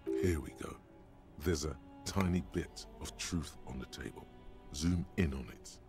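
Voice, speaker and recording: A man voicing the deep, dry inner voice of a detective's mind in a video game, calmly commenting on what others say. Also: a little slow, loud music behind the voice, heavily acted. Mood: knowing. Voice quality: gravelly. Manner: calm, wry commentary on others' lies. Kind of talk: game voice acting.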